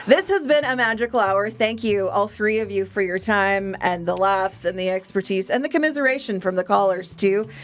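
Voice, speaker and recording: A woman hosting a call-in radio show, brisk and friendly, moving the conversation along between guests. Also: mid-range voice. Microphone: studio microphone.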